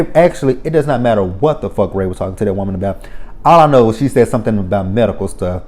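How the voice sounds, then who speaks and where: A man's voice: mid-range voice, a little mellow. A man giving a casual spoken recap of a reality show, blunt and profane, ranting with exasperation.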